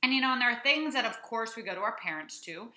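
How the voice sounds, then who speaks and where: A young adult woman co-hosting a podcast, chatting casually in an animated, playful way. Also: fairly high pitch, quick pace. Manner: animated, chatty, playful echoing of her co-host. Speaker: podcast co-host. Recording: roomy echo.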